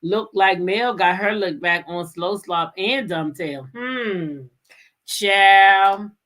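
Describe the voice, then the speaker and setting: A woman's voice: on the low side, fairly bright tone. Chatty woman hosting a livestream. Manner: chatty, laughs often, drawn-out greetings. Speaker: channel host. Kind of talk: casual livestream chat greeting viewers.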